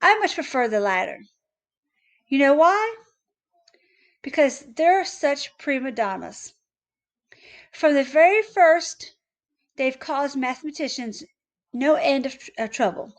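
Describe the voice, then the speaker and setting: A woman voicing a temperamental, mustached male number devil who lectures boastfully and is quick to shout. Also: high voice, expressive, full character voice.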